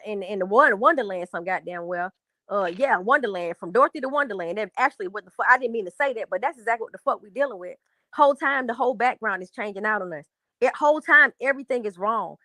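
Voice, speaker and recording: A woman co-hosting a live stream, telling a long story in a rambling, profane, animated way. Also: mid-range voice, no echo. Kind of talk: casual storytelling.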